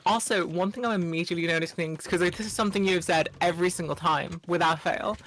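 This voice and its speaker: A man's voice: sits high, fast talker, fairly bright tone. A man co-casting a strategy game live, giving analytical commentary with joking banter. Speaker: co-caster.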